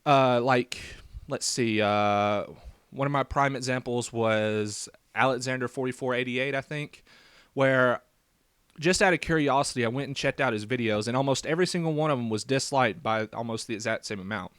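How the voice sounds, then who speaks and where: A man's voice: medium pitch, normal speed, fairly bright tone, clean tone, no echo. A young man with a faint rural Southern American accent, talking in a rambling response video with lots of fillers and restarts. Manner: hesitant, many fillers and restarts. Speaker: YouTube vlogger.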